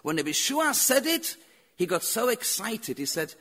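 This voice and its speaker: Animated, bright-voiced man giving a Torah lecture. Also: high voice, normal speed. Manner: animated storytelling with repeated phrases and rhetorical questions. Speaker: rabbi teaching.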